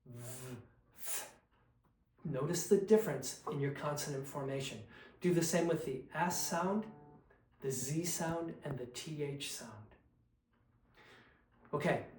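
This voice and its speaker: Slow, patient male vocal coach in echoey room. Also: on the high side. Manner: slow, patient, demonstrates consonant drills aloud. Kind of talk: instructional lesson with sung drills.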